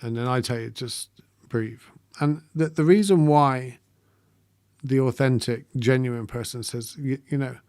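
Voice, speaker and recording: A man hosting a meditation livestream, talking softly and hesitantly with frequent pauses, reading out viewer comments as he goes. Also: mid-range voice, clean tone, no room sound, clean studio sound. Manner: soft-spoken, halting, with frequent ums and gentle laughs. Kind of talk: live-streamed reflective talk, reading viewer comments.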